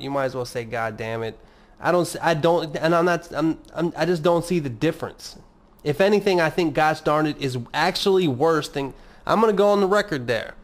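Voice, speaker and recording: A man hosting a casual solo podcast, rambling and swearing as he mocks himself. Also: on the high side. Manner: rambling, profane, self-mocking. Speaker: podcast host.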